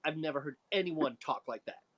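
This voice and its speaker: A woman co-hosting a homebrew show, chatting casually on a live stream, animated and teasing with frequent laughs. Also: low-pitched, brisk.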